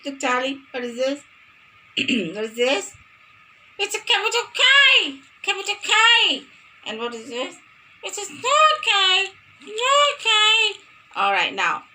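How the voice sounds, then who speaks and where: A woman's voice: very high-pitched, huge pitch swings, slow pace, long pauses, bright, forceful tone. A woman teaching a phonics lesson to young children, playful and sing-song, repeating words for them to copy.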